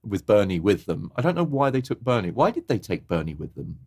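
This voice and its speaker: Brief: lower-pitched male co-host, relaxed film chat, retells scenes with playful quotes. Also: a little fast. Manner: recounts scenes with exaggerated character impressions. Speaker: podcast co-host. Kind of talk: casual film review chat.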